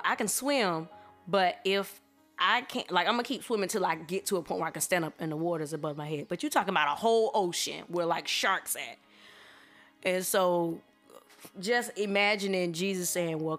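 A woman sharing a church testimony in a lively, conversational way. Her voice sits a little low, and she acts out her reactions as she goes. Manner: animated, colloquial, expressive storytelling. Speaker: church member giving a testimony. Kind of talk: personal testimony storytelling.

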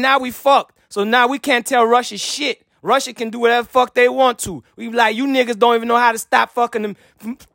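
High gravelly voice, man ranting. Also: a bit bright, no echo, clean studio sound. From Haiti. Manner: heated, blunt, swearing constantly, repeats himself. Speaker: vlogger. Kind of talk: profane political rant.

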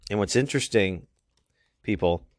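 Youth pastor, male, lowish voice, dry close sound, earnest sermon delivery with scripture reading. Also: moderate pace, no echo. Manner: earnest, emphatic, reads verses aloud.

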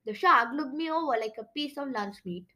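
A woman reading a children's chapter book aloud in an expressive, playful storytelling voice. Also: high-pitched, a little fast. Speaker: storybook narrator.

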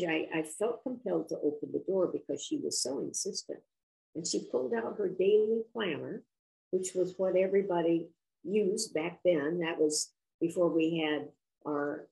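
An older woman, an author, telling a personal story in an interview in a reflective, earnest, unhurried way. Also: lowish voice, gravelly, warm tone, rough recording.

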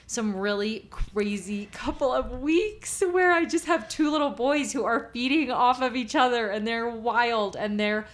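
A young mother co-hosting a casual podcast chat. Her voice sits a little high, and she talks in a bubbly, chatty way, laughing easily. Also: a little slow, few pauses. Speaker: podcast co-host.

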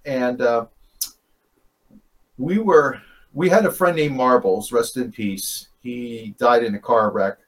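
A man's voice: mid-range voice, slow, long pauses. Rambling man telling ghost-hunt stories. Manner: rambling, self-correcting, chuckles. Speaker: paranormal investigator guest. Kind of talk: casual storytelling.

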